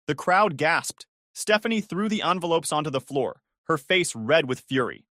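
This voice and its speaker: A man's voice: fairly high pitch, moderate pace, bright, forceful tone, no echo, clean studio sound. A man narrating a first-person revenge story in a dramatic, gossipy way.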